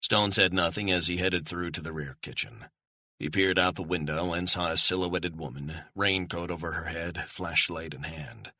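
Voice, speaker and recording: A man narrating a thriller audiobook in a measured, suspenseful reading. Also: low voice, pushed and bright, dry recording, clean studio sound.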